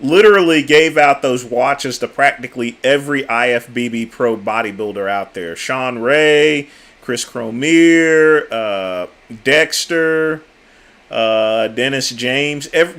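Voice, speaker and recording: Give me a man hosting a livestream, chatting to his viewers in an easy, offhand way. He pauses with small fillers as he thinks. His voice sits in an ordinary middle pitch. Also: lively intonation, a bit bright. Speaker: livestream host. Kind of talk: casual commentary on a played clip.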